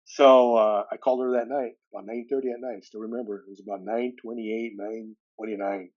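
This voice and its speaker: A man in his sixties, a podcast guest from California, telling a personal story with animated delivery. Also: fairly low pitch, brisk, muffled recording. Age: 60s. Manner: animated storyteller who acts out dialogue with shifting voices.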